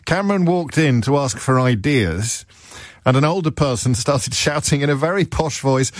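A man's voice: a little high, lively intonation, dry recording. Wry man, dry close sound. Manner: wry, digressive, halting with frequent restarts. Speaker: political commentator. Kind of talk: monologue commentary.

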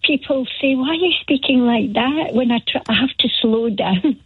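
Glasgow lady calling in, chirpy and laughy, super breathy voice, phone-line sound. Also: high-pitched, moderate pace, no echo. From Scotland. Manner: cheerful, laughs often. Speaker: caller. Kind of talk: radio phone-in call.

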